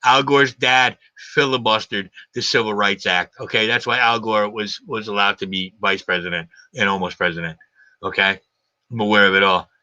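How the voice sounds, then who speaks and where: A man's voice: fairly low pitch, fairly even intonation, moderate pace, bright, forceful tone, no echo. A man hosting a live stream, ranting combatively in a heated argument and hammering his points with repeated questions. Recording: dull lo-fi stream audio.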